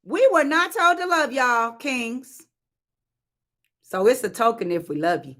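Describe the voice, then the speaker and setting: Middle-aged woman preacher, unhurried live sermon, heavy repetition and sassy asides. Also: on the high side, expressive, a bit bright. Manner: emphatic repetition and call-outs to the audience.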